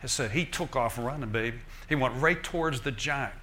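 Lively male preacher, folksy, joking, bright tone. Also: medium pitch, brisk. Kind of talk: sermon.

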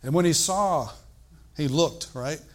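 An older man preaching a sermon, animated and emphatic, moving between loud outbursts and hushed, slow emphasis. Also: a little high.

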